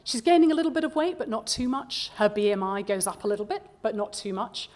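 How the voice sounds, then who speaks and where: A woman's voice: on the high side, lively intonation, fast talker, a little mellow. A woman researcher giving a conference presentation. She speaks conversationally, with frequent "um"s and repeated words as she talks the audience through her slides. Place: conference hall.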